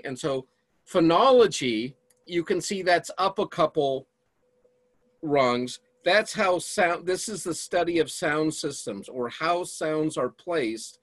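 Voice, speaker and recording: A man lecturing in an unhurried, deliberate way and speaking straight to his students. His voice sits at a middle pitch and the sound is dry and close, with no room echo. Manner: slow, explanatory, addresses students directly. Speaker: instructor. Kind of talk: recorded lecture.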